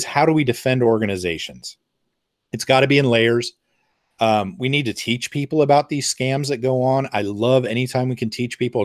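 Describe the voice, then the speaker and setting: A man's voice: medium pitch, no echo, clean studio sound. A man giving an explanatory talk in a conversational way, with fillers and asides. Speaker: presenter.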